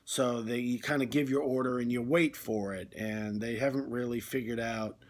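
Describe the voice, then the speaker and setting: Man, deadpan comic monologue, rambling and chatty, mid-range pitch. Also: normal speed. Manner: rambling, conversational, with fillers. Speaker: comedy video host.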